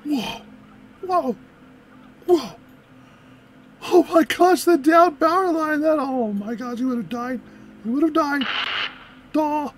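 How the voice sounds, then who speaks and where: A young woman hosting a reaction video, chatting casually, laughing often, and rambling through animated anecdotes. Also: sits high, slow pace, pauses often, a little hiss or hum.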